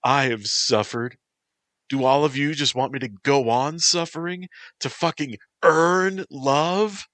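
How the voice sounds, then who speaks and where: A man's voice: medium pitch, slow pace, a bit bright, no room sound, pitched above the performer's own voice. A man voicing an emotional young woman who pleads, cries and lashes out. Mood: furious. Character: volatile, heartbroken young woman actress.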